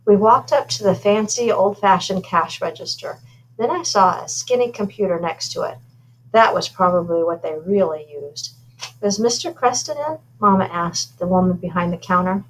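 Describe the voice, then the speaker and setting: A woman reads a first-person children's novel aloud in an informal, unpolished way. She trips over words now and then and adds asides about her own slips. Her voice sits fairly low for a woman. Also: rough recording. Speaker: reader.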